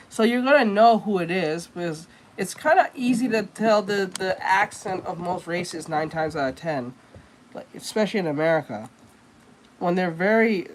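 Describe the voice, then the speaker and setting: A woman's voice: medium pitch, a little hiss or hum. A woman artist chatting casually while she draws, rambling and blunt with plenty of swearing. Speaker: artist streamer. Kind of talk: casual chat while drawing.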